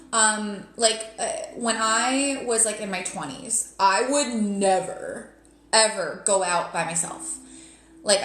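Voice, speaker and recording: A tarot reader in her thirties with a New Jersey accent gives a live reading, chatty and blunt, laughing often and saying "like" a lot. Her mid-range voice has a fairly bright tone and a roomy sound.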